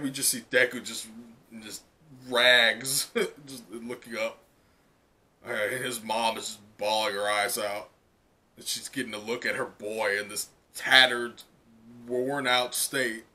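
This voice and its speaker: Bright, chatty man reacting to a comic. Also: medium pitch, slow pace. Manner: casual, excited, lots of "like" and laughing. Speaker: manga reaction streamer. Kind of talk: live reading reaction.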